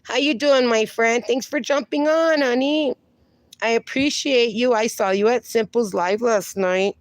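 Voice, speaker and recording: A woman's voice: on the high side, measured pace, no echo. A woman hosting a casual phone livestream outdoors with her dogs, greeting viewers and cooing at the dogs in baby talk. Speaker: livestream host.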